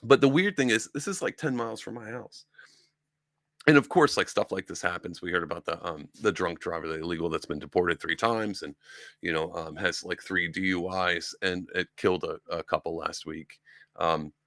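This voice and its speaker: A man's voice: low-pitched, moderate pace, fairly bright tone, no room sound, clean studio sound. A young man from upstate New York who hosts a podcast and rambles through casual political commentary, often mocking other people in put-on voices. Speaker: podcast host.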